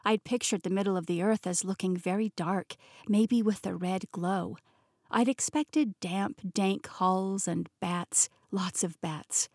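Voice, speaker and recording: A woman's voice: mid-range voice, measured pace, darkish tone, dry recording. Woman narrating an audiobook, dry. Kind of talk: first-person audiobook narration. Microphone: close studio mic.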